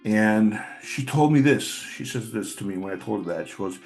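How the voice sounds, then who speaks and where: A man's voice: on the low side, normal speed, creaky, hardly any pauses, faint music behind. A middle-aged man in a casual personal monologue, blunt and profane, rambling with repeated words. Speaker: channel host.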